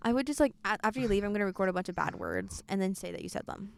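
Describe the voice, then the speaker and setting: A teenage girl hosting a podcast, telling stories in a quick, animated, laughing way. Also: medium pitch, vocal fry, smooth. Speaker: podcast host. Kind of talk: casual chat.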